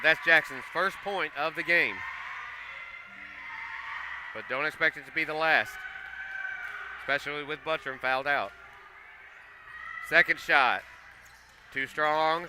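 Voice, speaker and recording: A man calling a school basketball game play by play, getting excitable and loud on big plays. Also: fairly high pitch, a little slow, long pauses, noisy background. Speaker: play-by-play commentator. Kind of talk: live basketball commentary. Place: school gym.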